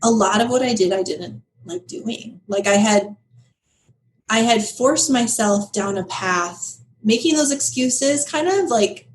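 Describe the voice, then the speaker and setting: A woman guest in a podcast interview, talking candidly and animatedly with frequent laughter and quick asides. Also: medium pitch, a little hiss or hum, rough recording. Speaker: guest, business founder. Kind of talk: casual interview conversation.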